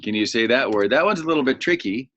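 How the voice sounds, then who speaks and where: A man's voice: medium pitch, animated, quick pace, pushed and bright, slight background noise. A man, teaching young children a vocabulary lesson and patiently repeating each word for them to say back. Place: home near birdsong. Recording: slightly dull, muffled audio.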